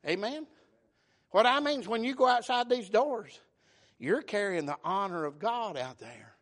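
A male preacher, delivering an impassioned sermon with call-and-response, swinging from loud to hushed. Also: sits high, big pitch swings, takes it slowly, pauses often.

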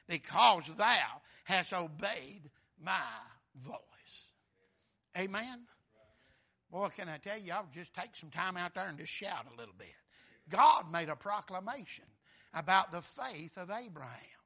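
A man preaching a sermon, breaking into shouts, calling out amen and brother and quoting scripture in old wording. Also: high-pitched, expressive, a little slow. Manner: fervent preaching, bursts into shouts on key lines.

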